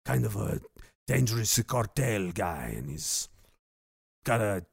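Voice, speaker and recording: A man putting on the voice of a menacing cartel gangster, slow, low and threatening. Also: big pitch swings, creaky, husky, no echo, clean studio sound, heavily acted. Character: menacing male cartel gangster with straight razor.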